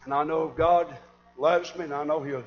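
Fiery high-voiced preacher man, lo-fi. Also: steady tone, moderate pace, faint music behind. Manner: fiery, swings from shouting to quiet earnest talk. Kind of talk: sermon.

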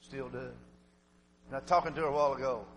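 A middle-aged man preaching a sermon in plain folksy speech, drifting from hushed storytelling to shouted exhortation. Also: medium pitch, fairly even intonation, fairly quick, a little hiss or hum. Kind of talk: fiery sermon. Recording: long hall reverb.

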